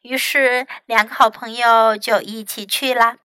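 A woman English teacher reading a storybook aloud slowly and clearly, switching between two languages, on a close microphone. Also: a little high, flat delivery, sharp tone, no room sound. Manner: slow, clear, careful reading.

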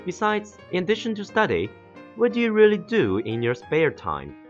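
A man hosts a campus interview show, reading formal, slightly stiff lines. His pitch moves around a lot, and the recording sounds dull and lo-fi with faint music behind. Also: wildly swooping pitch, moderate pace. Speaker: campus radio host. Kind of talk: scripted interview hosting.

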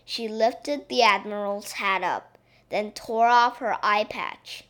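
A woman reading a children's story aloud, gentle and expressive. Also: mid-range voice, takes it slowly.

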